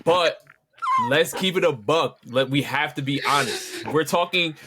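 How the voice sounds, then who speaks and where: A man co-hosting a podcast in casual chat, animated and slangy, repeating himself as he argues. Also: a little high, measured pace, very noisy. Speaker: podcast co-host.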